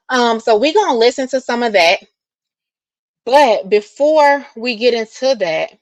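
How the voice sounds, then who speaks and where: A woman's voice: mid-range voice, dry recording. A woman hosting a casual livestream, greeting viewers by name, a little out of breath and laughing often. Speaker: livestream host.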